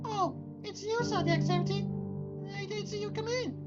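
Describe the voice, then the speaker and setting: A woman voicing a distraught young schoolgirl who speaks quietly through sobs, in a visual novel. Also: very high voice, normal speed. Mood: weary. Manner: sobbing, quiet and pleading. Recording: dull lo-fi game audio over music.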